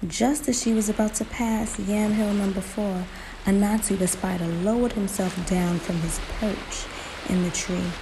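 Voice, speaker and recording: A woman narrating a folktale in a slow, emphatic storytelling manner, in a noisy recording. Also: medium pitch, fairly even intonation.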